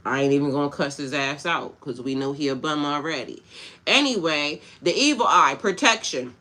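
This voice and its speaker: A woman hosts a spiritual reading stream, talking bluntly and casually to her viewers. Her voice has a bright, sharp edge, and she mixes slang with pep-talk advice. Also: low-pitched, expressive, moderate pace. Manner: casual, blunt, slangy, talks back to chat. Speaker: spiritual coach. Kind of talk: livestream tarot-style reading with chat.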